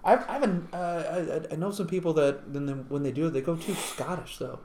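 A man co-hosting a casual chat, rambling and joking, often trailing off softly. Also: on the high side, brisk. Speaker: co-host. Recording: echoey room with faint noise.

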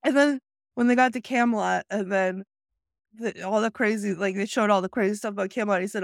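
A woman's voice: medium pitch, fairly quick, creaky, no room sound, studio quality. A woman co-hosting a casual talk show, chatting animatedly and acting out quoted movie lines as she retells them. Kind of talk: casual chat about a movie.

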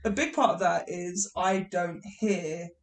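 A woman co-hosting a podcast in casual chat, giggly and animated, laughing a lot. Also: lowish voice, unhurried. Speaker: podcast co-host.

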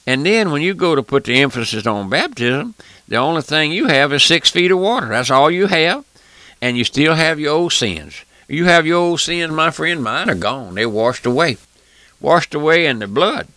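Male radio preacher, fervent and emphatic, bright forceful voice, dry sound. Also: on the high side, animated, moderate pace, no room sound. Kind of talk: radio sermon.

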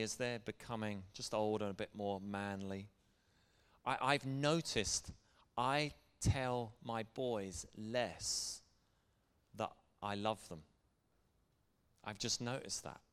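A man's voice: on the low side, fairly bright tone, clear, resonant tone. A middle-aged man preaching a sermon as pastor, speaking in an earnest, conversational way. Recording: long hall reverb.

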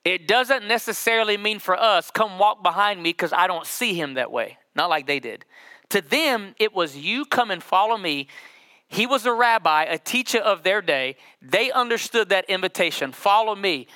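A middle-aged man preaching a sermon as pastor, joking with the congregation and drawing out scripture slowly. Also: high-pitched, expressive, bright, forceful tone, smooth. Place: church sanctuary with congregation.

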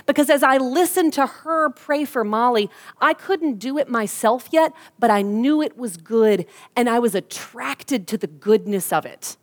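A woman's voice: fairly high pitch, measured pace. A woman, preaching a sermon and telling a personal story with humor. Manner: storytelling with humor, lively quoted voices. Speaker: pastor.

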